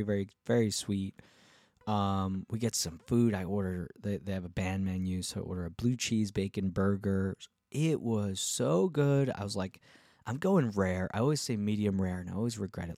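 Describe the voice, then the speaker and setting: A young man with a low voice, recorded close and dry, tells a casual road story. He rambles, restarts his sentences often and acts out the lines of the people he met. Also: darkish tone, dry recording. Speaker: touring musician and podcast host.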